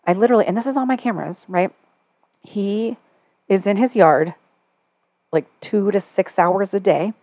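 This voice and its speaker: A middle-aged woman hosting a casual podcast chat, telling a story with animated, sarcastic energy and getting louder as she goes. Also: on the low side, normal speed, no echo, lo-fi sound. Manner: animated storytelling, sarcastic when quoting herself.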